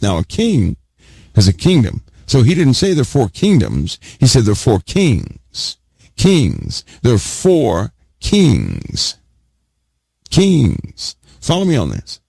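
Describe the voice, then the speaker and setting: A man's voice: medium pitch, huge pitch swings, slow, vocal fry, darkish tone, breathy edge, no room sound. A man preaching a sermon, stressing key words over and over and putting questions to his listeners. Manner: emphatic, repeats key words, asks the audience questions. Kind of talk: sermon teaching.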